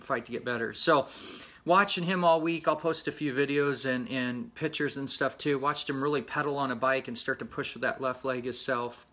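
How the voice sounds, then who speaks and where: A man hosting a casual personal vlog, talking earnestly in a rambling, halting way with many fillers. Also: medium pitch, pushed and bright. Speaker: motorcycle channel host.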